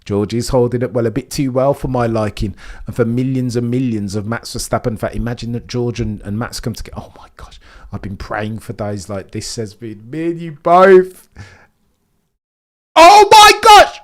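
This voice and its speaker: A man calling a live race stream as a fan, jumping from calm updates to loud pleading shouts. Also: mid-range voice, brisk. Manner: swings from calm reading of gaps to loud shouting; fan-like, pleading with drivers, chatty with viewers.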